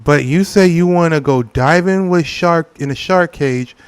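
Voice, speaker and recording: A man's voice: fairly high pitch, measured pace, clear, resonant tone. Laughing, chatty male game streamer. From California. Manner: laughing often, joking, acts out silly quotes. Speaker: gaming streamer. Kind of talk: casual gameplay chat with viewers.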